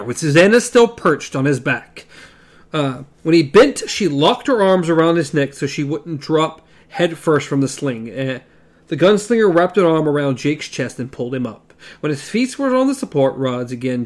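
A man co-hosting a podcast, reading a novel aloud and reacting enthusiastically. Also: a little high. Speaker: podcast co-host.

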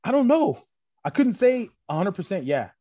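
Profane, animated man telling a story. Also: sits high, moderate pace, dry recording, clean studio sound. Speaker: podcast guest, former retail loss-prevention worker. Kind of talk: casual storytelling chat.

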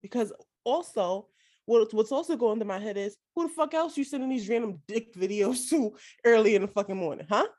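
A woman's voice: on the high side, brisk, a little mellow. A young woman co-hosting a podcast in casual chat, blunt and emphatic, swearing freely. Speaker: podcast co-host.

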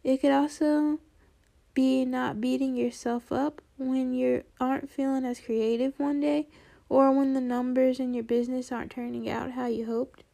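High-voiced lady podcaster, bit nasal from allergies, gravelly and kinda mellow, earnest reflective chat. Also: level tone, moderate pace. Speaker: podcast host. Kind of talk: reflective solo podcast talk.

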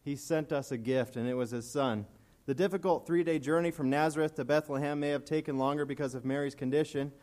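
A man's voice: on the high side, fairly even intonation, a little fast, hardly any pauses, a little mellow. A man preaching a casual, earnest and emotional sermon, reading scripture aloud and commenting between passages.

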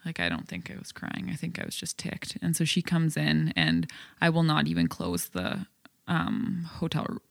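Female guest, raspy-edged voice, dry mic, halting recounting. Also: deep voice, sing-song, no echo. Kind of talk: casual recounting.

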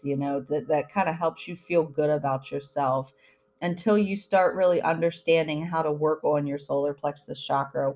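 A woman hosting a spiritual self-help podcast, talking earnestly with many fillers and restarts, and reading out affirmations slowly and deliberately. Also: on the low side. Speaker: podcast host.

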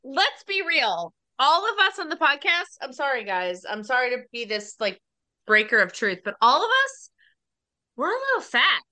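Woman, casual podcast banter, profane, bright tone, slightly high. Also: very animated, normal speed. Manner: blunt, profane, joking. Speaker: podcast co-host.

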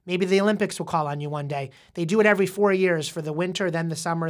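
A woman's voice: lowish voice, quick pace. A woman hosting a casual podcast, patiently explaining and quizzing a young guest, often restarting her words. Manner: frequent repeated restarts. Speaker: podcast host interviewing a young child.

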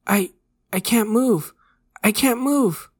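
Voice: mid-range voice, flat delivery, normal speed, lightly acted. Narrator voicing a terrified dying young man. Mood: panicked. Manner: pleading, panicked, breaking into sobs. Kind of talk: horror story reading.

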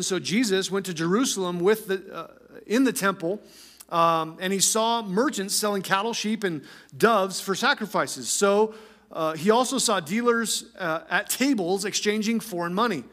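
High-voiced man preaching with energy. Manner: energetic, emphatic preaching with repeated phrases. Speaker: pastor. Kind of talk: sermon.

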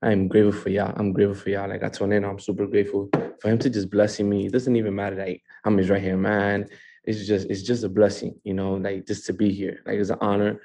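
A man's voice: fairly low pitch, flat delivery, quick pace, mellow. A man hosting a live online training call from a home, talking in an upbeat way and repeating words for emphasis. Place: a home in California.

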